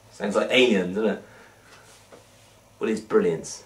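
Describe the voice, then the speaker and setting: A man's voice: fairly low pitch, unhurried. A man hosting a magic product review, playful and rambling with frequent jokey asides. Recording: echoey room, mic at a distance.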